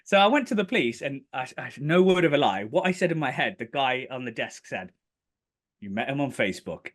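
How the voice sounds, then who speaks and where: A man, a guest on a podcast, tells his story in a relaxed, chatty way. He is animated and often jumps up in pitch to act out what people said. His voice sits at a middle pitch. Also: brisk. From United Kingdom. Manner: animated, acts out quotes in bursts of higher pitch. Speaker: podcast guest, property developer. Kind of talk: casual storytelling interview.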